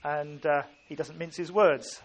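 A man's voice: a little high, steady tone, measured pace. A man preaching a sermon, earnest and emphatic, often stopping to restart a phrase. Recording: faint ambient background noise.

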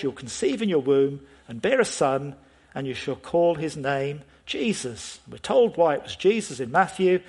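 A man's voice: fairly high pitch, a little mellow, slightly rough. A man preaching a sermon, earnest in manner, often putting questions to the congregation and leaning on key words.

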